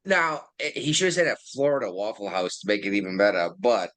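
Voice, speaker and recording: A man's voice: lowish voice, very animated, a little fast, fairly bright tone, no room sound. A male podcast host in casual chat, making offhand joking remarks.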